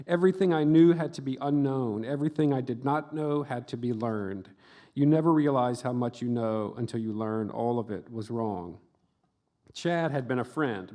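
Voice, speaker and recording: Middle-aged man reading with deadpan humor. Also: medium pitch. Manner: deadpan comic delivery with brief offhand asides. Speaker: author reading from his memoir. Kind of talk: live reading at a book festival. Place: book festival event before an audience.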